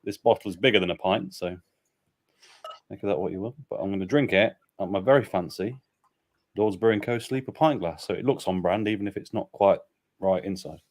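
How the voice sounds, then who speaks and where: A man co-hosting a casual livestream, chatting wryly and relaxed over a beer. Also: deep voice, a little fast. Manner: relaxed, wry, a bit hesitant. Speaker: livestream co-host.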